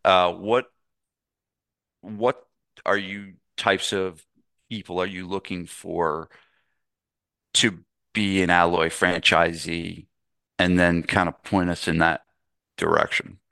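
A man's voice: low voice, steady tone, takes it slowly, creaky, pauses often, pushed and bright, clean tone, no echo. A middle-aged man hosting a podcast, chatting casually and enthusiastically, rambling with restarts. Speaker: podcast host. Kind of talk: casual interview chat.

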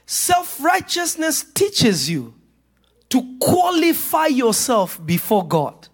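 A man preaching a sermon to a congregation, joking and laughing through his stories before rising to shouted points. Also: very high-pitched, wildly swooping pitch, slow. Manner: humorous, laughing at his own stories, then building to shouts.

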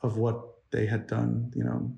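A man's voice: medium pitch, completely flat delivery, measured pace, creaky, mellow, lo-fi sound. Rambling man in a roomy space. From New York, United States. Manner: rambling, many fillers and restarts. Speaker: interview guest, animation story artist. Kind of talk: casual interview chat. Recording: roomy echo.

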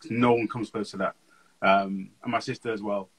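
A young man, chatting as an interview guest and telling animated, slangy stories. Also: fairly low pitch, normal speed, breathy edge, rough recording. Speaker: guest speaker. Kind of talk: casual interview chat.

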